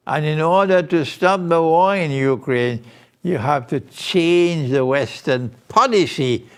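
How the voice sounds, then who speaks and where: Slow, deliberate man lecturing. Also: medium pitch. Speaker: Muslim lecturer. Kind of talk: recorded lecture.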